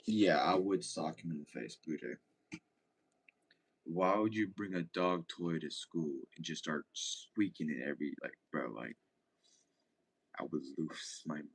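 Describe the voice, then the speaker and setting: Young male streamer, very low voice, loose rambling chat with frequent swearing. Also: unhurried, gravelly, long pauses, husky. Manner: laid-back, swears often, rambling. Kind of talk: casual chat.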